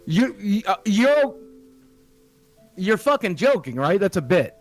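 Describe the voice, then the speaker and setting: A middle-aged man shouting and swearing nonstop in a heated livestream argument. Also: high-pitched, very animated, measured pace, faint music behind. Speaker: livestream show member.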